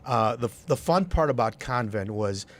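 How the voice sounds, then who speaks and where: A man's voice: mid-range voice, moderate pace. A man, a club promoter and DJ, telling stories in a casual interview and acting out quoted voices. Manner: animated, acts out quoted voices.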